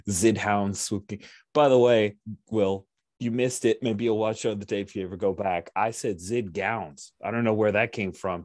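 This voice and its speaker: A man's voice: fairly low pitch, dry recording, clean studio sound. A man narrating a tabletop game as game master, chatty and enthusiastic.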